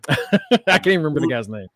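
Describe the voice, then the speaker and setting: A man hosting a casual podcast, recapping wrestling with animated, profane storytelling and frequent laughter. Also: fairly high pitch, quick pace. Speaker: podcast host.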